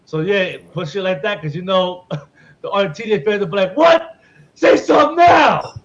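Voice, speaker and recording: A man hosting a casual podcast, talking loosely and cursing as he jokes around. His voice sits a little high for a man. The recording is slightly dull, with a faint hiss underneath. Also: fairly quick. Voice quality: profane, loose and joking. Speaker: podcast host. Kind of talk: casual chat.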